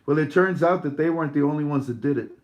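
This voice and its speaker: A man's voice: a little high, fast, echoey room. A man hosting an online show in a casual monologue, rambling and sarcastic, with lots of fillers and restarts.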